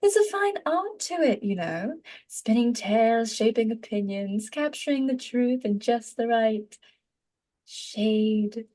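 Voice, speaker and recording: A smug female gossip reporter, voiced by a woman, purring with theatrical self-satisfaction. The voice sits fairly high and swoops upward as she savors each word. It is a practice read in a voice acting lesson. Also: expressive, slow pace, dark tone.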